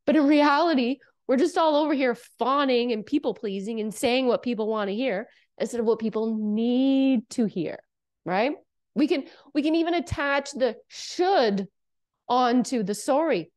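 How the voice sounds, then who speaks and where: A woman from Canada speaks straight to her listeners in a casual self-help monologue. Her voice sits a little high, and she talks earnestly, coaching them and checking in with "okay?" and "right?". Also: moderate pace, a little mellow.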